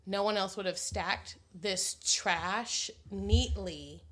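A woman's voice: medium pitch, slow, a bit bright. Laughing, blunt mother telling stories. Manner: laughing, blunt, swears freely. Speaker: podcast co-host, mother. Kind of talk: casual storytelling chat.

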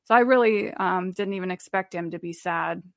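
A woman's voice: fairly low pitch, normal speed, no room sound, clean studio sound. A woman guest telling her faith testimony in an earnest, rambling way, with many fillers and restarts. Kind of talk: sharing a personal faith testimony.

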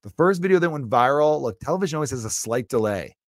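A man's voice: mid-range voice, expressive, fast, no room sound, clean studio sound. A man from Chicago, a comedian hosting his own podcast, ranting emphatically and with strong opinions. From Chicago, USA. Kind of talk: solo podcast rant.

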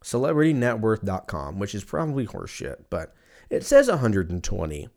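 A man's voice: lowish voice, huge pitch swings, brisk, vocal fry, a little mellow. A man in his thirties hosting a podcast, ranting casually in a profane, rambling, sarcastic way. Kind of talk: casual rant.

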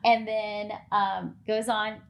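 A woman's voice: medium pitch, slow, vocal fry, highs cut off, crowd noise. A woman podcast co-host telling a story in casual chat, acting out the lines of the people in it. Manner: animated, acts out quoted dialogue.

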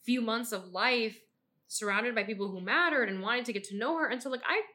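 A woman co-hosting a podcast, chatting casually about a book, animated and swearing freely as she acts out her reactions. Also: a little high, brisk. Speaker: podcast co-host. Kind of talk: casual book-review chat.

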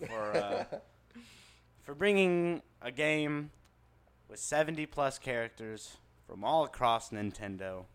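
A man's voice: mid-range voice, takes it slowly, clean tone. A young man co-hosting a casual video game podcast, ranting animatedly with plenty of swearing and jokes. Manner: animated, profane, jokey rants. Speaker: podcast co-host. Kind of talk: casual chat.

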